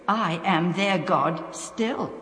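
A woman voicing a calm, authoritative male teacher who answers in a measured, firm way. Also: lowish voice, reverberant, in a large hall, voice pushed up. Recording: music playing underneath.

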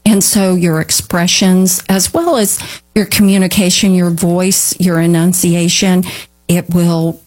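A woman speaks as a therapist being interviewed, taking her time and explaining patiently. Her voice sits a bit low, and she talks at a slow, unhurried pace, often pausing on "um" and restarting phrases. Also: flat delivery, a little mellow. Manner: measured, explanatory, with frequent fillers. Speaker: therapy company representative. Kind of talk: interview answers.

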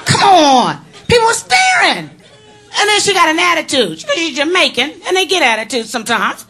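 High-voiced woman doing loud stand-up. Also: normal speed. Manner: loud, animated, shouting punchlines. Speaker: stand-up comedian. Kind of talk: stand-up comedy set. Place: comedy club before a live audience. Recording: live club recording with crowd noise.

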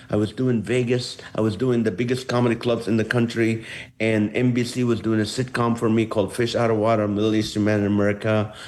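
A middle-aged man from the Holy Land, a comedian guest telling personal stories with animated swings in his voice, acting out the people he quotes. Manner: acts out voices with big pitch swings.

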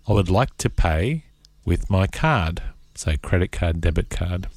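A man hosting a radio segment, teaching phrases and pausing word by word so listeners can repeat. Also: sits low, big pitch swings, no echo. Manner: spells out phrases word by word for repetition. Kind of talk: slow language-lesson delivery.

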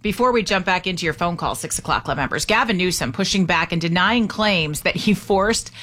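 A woman hosting a talk radio show, opinionated and animated, with sarcastic asides. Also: on the low side, a little fast. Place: radio studio.

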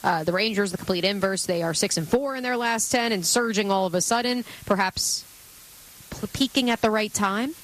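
A woman co-hosting a sports radio show, talking through game news in quick, casual conversation with fillers. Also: medium pitch, low-quality recording.

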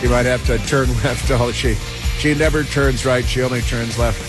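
A man hosting a talk radio show, telling a story in a sarcastic, deadpan way. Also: mid-range voice, normal speed, music in the background. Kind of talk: casual talk radio monologue.

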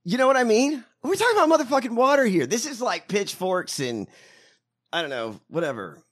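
A man's voice: high-pitched, brisk. A man co-hosting a casual political chat show, riffing jokes and swearing freely. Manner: animated, profane, riffing jokes. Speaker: podcast co-host.

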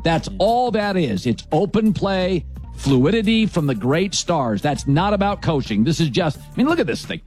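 A male sports talk host argues his points bluntly and with emphasis. His pitch swings widely. His voice sits a little high, with faint music underneath. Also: moderate pace. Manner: emphatic, blunt, animated delivery.

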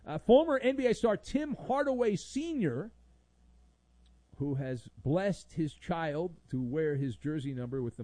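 A man's voice: on the high side, darkish tone, dry recording, poor audio. A man hosting a sports talk show, sarcastic and theatrical, mocking his subjects with playful bits. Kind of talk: animated sports commentary.

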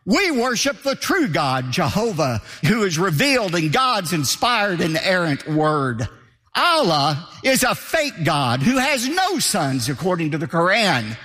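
A man's voice: high voice, big pitch swings, a little slow, sharp tone, long reverb tail. A man preaching a sermon as pastor, emphatic, asking rhetorical questions and hammering points home with repetition.

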